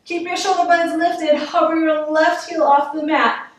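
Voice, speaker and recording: Unhurried woman yoga teacher in an echoey room. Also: extremely high pitch, flat delivery, far from the mic. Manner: encouraging, counts down reps. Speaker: yoga instructor. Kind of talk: guided workout instruction.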